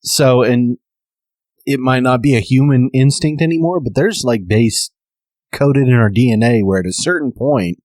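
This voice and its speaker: A man co-hosting a podcast in casual chat, musing aloud in halting phrases. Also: medium pitch, darkish tone, no room sound, clean studio sound. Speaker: podcast co-host.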